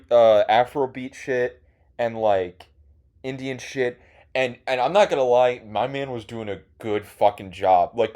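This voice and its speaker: A man's voice: medium pitch, darkish tone. A young man telling a rambling, profane, sarcastic story as host of a casual comedy monologue, full of fillers.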